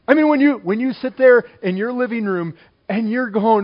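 A man preaching a sermon in an animated way, swinging between loud exclamations and quiet asides. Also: very high voice, normal speed, dull audio.

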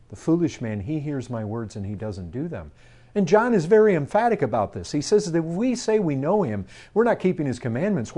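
A man preaching a sermon, asking his congregation questions, dropping to low murmurs and rising to loud declarations.

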